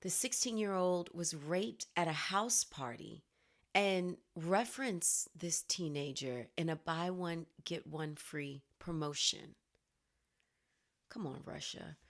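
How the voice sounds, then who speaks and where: A woman hosts a weekly news commentary show and addresses viewers directly. Her voice sits somewhat low. Her delivery is animated and indignant. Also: takes it slowly. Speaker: show host.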